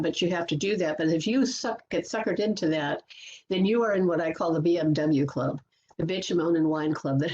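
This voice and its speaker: A woman positivity coach giving a lively webinar talk from a computer mic, acting out everyday self-talk. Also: lowish voice, a little hiss or hum. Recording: muffled lo-fi webinar audio.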